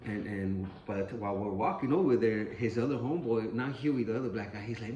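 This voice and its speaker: A man's voice: fairly low pitch, a little fast, hardly any pauses, a little mellow, a little hiss or hum. A man telling a street story in a casual, rambling and profane way, often repeating himself. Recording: roomy echo, faint ambience.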